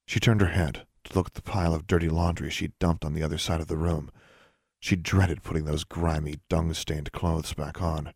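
A man narrating a story in a steady, measured way. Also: rumbling low, gravelly, dry recording, clean studio sound. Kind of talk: audiobook narration.

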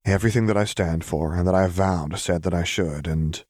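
Narrator doing an earnest young hero, deep quiet voice, firm. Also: male voice, steady tone, moderate pace, dry recording, clean studio sound. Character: determined, sincere young man, tired but firm.

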